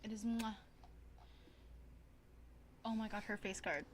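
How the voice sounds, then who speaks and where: A young woman streaming a life-sim game, chatting casually to viewers in a bubbly, excitable way, gasping and repeating herself. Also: mid-range voice, slow, a little hiss or hum. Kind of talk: casual gaming stream chat.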